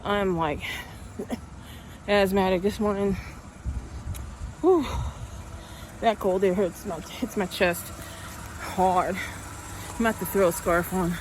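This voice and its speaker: A woman's voice: mid-range voice, flat delivery, moderate pace, darkish tone, slight background noise. A woman chatting and telling a story while out walking, a little out of breath, growing heated as she talks. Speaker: vlogger. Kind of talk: casual walking vlog. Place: outdoors, walking.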